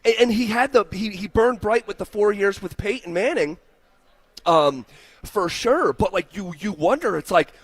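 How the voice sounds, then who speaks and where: A man's voice: high voice, lively intonation, normal speed, no room sound. A male sports radio host in a studio, talking casually and reading listener messages aloud in a heartfelt way. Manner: heartfelt, reads listener texts aloud with fillers. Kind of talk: sports talk radio chat. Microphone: studio microphone.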